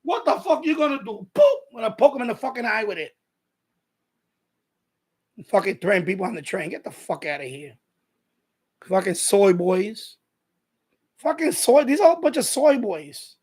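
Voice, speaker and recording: A man's voice: high voice, big pitch swings, normal speed, pauses often, a little mellow, slightly rough. A man, hosting a live stream, ranting bluntly and combatively with lots of swearing. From New York. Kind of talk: casual ranting monologue.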